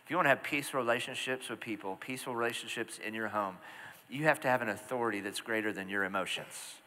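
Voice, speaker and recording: A middle-aged male pastor preaching a sermon, telling stories with lively asides to the congregation. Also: mid-range voice, fast talker. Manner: animated storytelling with asides to the congregation. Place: large church hall. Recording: church hall reverb.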